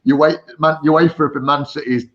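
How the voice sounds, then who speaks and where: A man on a video call into a live fan stream, confident and animated, calling people mate. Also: on the high side, brisk, dull audio. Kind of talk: casual video call chat.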